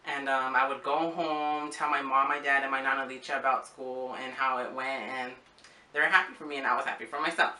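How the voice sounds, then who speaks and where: Young man from Arizona, bright tense voice, rambling casual vlog storytelling, roomy echo. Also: mid-range voice, fairly even intonation, brisk, far from the mic. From Arizona, USA. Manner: rambling, with frequent fillers and acted-out quotes. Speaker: vlogger. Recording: echoey room.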